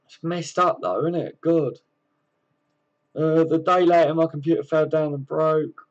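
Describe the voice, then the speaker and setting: A man's voice: fairly high pitch, a little slow, highs cut off. A man hosting a fan live stream, reading viewer comments aloud and chatting back in a laid-back, slangy way.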